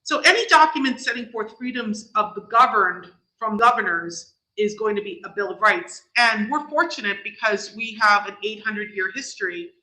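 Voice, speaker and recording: Bright-voiced New York woman lecturing. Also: medium pitch, normal speed, few pauses, echoey room, poor audio. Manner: explanatory, with frequent restarts and fillers. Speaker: guest lecturer. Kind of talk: informal lecture.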